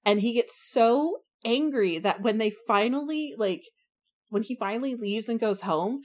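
A woman's voice: a little high, normal speed. A woman co-hosting a casual book discussion, talking frankly and with slang, and acting out the characters' lines. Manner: animated, frank, slangy, acts out quotes.

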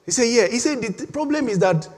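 A man preaching a sermon as pastor, animated, laughing often and leading the congregation in reading together. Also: very high-pitched, fast. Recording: long hall reverb.

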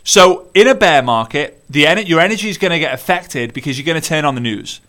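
A man from the United Kingdom giving an energetic, repetitive motivational talk to business builders, addressing listeners directly. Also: fairly high pitch, fast. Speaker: network marketing business coach. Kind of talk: motivational monologue.

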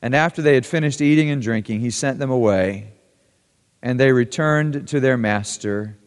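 A man's voice: medium pitch, moderate pace. A male pastor reading scripture and preaching a sermon, with dramatic rises and drops in his delivery. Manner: dramatic reading, voice rising and dropping with the text. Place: church sanctuary. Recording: church hall with long reverb.

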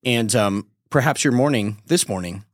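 A man's voice: medium pitch, normal speed, no echo, clean studio sound. A man hosting a podcast, earnestly addressing his listeners directly as he introduces the episode. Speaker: podcast host.

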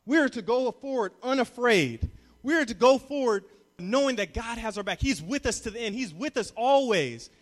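High-voiced young preacher in a reverberant hall. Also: male voice. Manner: builds from calm teaching to loud call-and-response. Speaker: youth pastor. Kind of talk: sermon.

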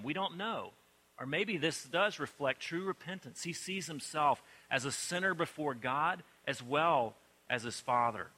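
A man preaching a sermon, telling a story expressively and shifting between soft, low passages and emphatic ones. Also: low-quality recording. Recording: clicking noise in the background.

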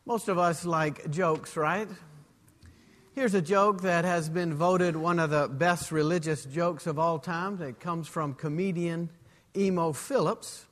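A man preaching a sermon as pastor in a church, in a measured way. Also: on the high side, fairly even intonation, long reverb tail.

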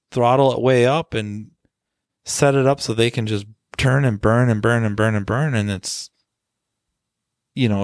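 A man's voice: medium pitch, no echo, studio quality. A man co-hosting a podcast about the auto repair trade, talking in a loose, rambling way with lots of "you know" fillers. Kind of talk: casual discussion.

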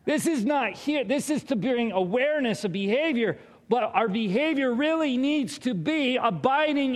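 High-voiced pastor preaching in a reverberant hall. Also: male voice. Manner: conversational, animated, acts out quotes. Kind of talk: sermon. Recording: long reverb of a large hall.

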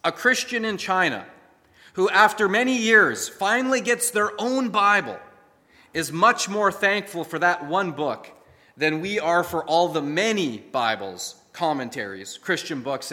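A pastor delivers a sermon in a church sanctuary, his voice a touch higher than most men's and sharply bright. He tells stories with animation and acts out the quoted lines. A long reverb trails behind each phrase. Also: measured pace. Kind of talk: sermon with storytelling.

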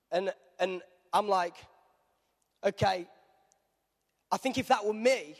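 A man preaching a sermon, telling a Bible story in a conversational storyteller's way. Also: high voice. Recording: reverberant church hall.

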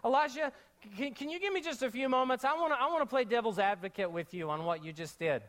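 A man's voice: very high-pitched, fast, fairly bright tone. A man voicing a scheming mock-sweet queen. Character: menacing queen mocking a prophet, adult woman.

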